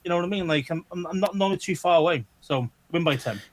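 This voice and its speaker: A Scouse man co-hosting a sports podcast, his voice pitched a touch high as he rattles along at a brisk clip. He talks bluntly and emphatically, swearing freely and tripping over his own restarts. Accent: Liverpool (Scouse). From Liverpool area, England. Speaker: podcast co-host. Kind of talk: casual sports chat.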